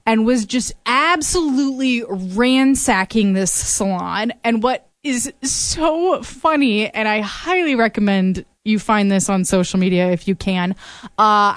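A woman co-hosting an afternoon radio show, with a voice that sits a little high. She is chatty and laughs often as she tells a story. The sound is close and dry. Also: unhurried, no room sound. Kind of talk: casual on-air radio chat.

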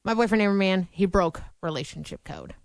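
A woman's voice: mid-range voice, brisk, no echo, studio quality. A young woman co-hosting a radio show, chatting casually and self-deprecatingly. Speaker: radio co-host. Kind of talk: casual chat.

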